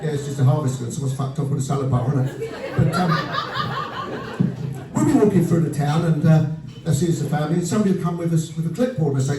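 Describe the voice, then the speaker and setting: This is a man in his fifties working a stand-up crowd, dry and deadpan as he barrels through crude punchlines at a quick clip. His voice sits a touch high but sounds dark and mellow. He is heard from somewhat back in an echoey venue, with audience laughter around him. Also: a little hiss or hum. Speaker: stand-up comedian. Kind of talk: stand-up comedy set. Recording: roomy live venue sound from a distance.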